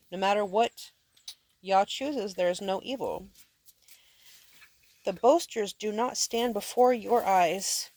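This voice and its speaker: A woman's voice: mid-range voice, a little mellow, no echo. Woman reading and explaining scripture. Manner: explains verses plainly, checks understanding with questions. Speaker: parent teaching scripture to her sons. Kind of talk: home scripture lesson.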